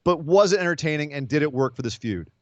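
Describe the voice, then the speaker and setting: Podcast co-host, man, lively swinging pitch, dry slightly muffled home recording. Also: fast, no room sound. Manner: animated, acts out wrestlers in funny voices. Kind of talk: casual wrestling podcast chat.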